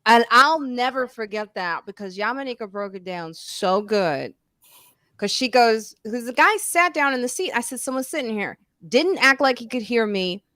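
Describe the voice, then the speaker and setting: A woman hosting a live-streamed podcast, jumping in quickly and recalling shared stories in casual chat. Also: on the high side, expressive, pushed and bright, no room sound, studio quality. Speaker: podcast host.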